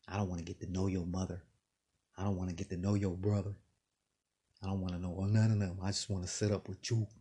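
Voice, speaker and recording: A man in a casual late-night monologue, an animated storyteller who acts out bits of dialogue. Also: on the low side, breathy edge.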